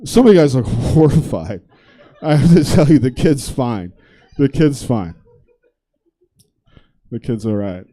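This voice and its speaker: A man on a comedy stage tells a rambling story, loose and conversational with plenty of swearing. His voice is mellow and dark, at an ordinary middle pitch. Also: expressive, unhurried, pauses often. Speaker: stand-up comedian. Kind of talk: stand-up storytelling.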